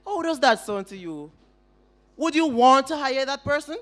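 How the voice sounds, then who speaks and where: Very high-voiced Jamaican young man debating. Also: animated, normal speed, fairly bright tone. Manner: rhetorical, questions the audience and opponents directly. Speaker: student debater, first opposition speaker. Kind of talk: formal competitive debate speech.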